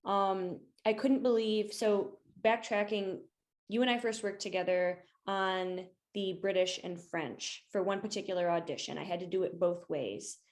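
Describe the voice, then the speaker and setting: A woman's voice: mid-range voice, a little slow. Enthusiastic young woman on a video call. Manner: enthusiastic, with many fillers. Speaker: actor and interviewer. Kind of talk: casual interview chat.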